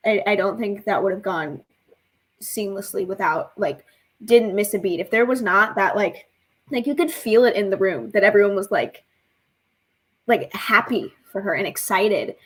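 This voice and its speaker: Husky-voiced woman in the cast, thinking out loud, lots of likes. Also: medium pitch, normal speed, low-quality recording. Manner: thoughtful, hesitant. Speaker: cast member. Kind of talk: casual group reminiscing.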